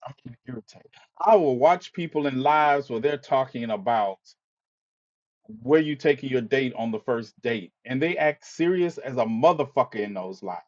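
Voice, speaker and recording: A man's voice: medium pitch, animated, moderate pace, muffled recording. A man hosting a live stream, ranting with exasperation, swearing, stammering and repeating himself. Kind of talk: impassioned live-stream monologue.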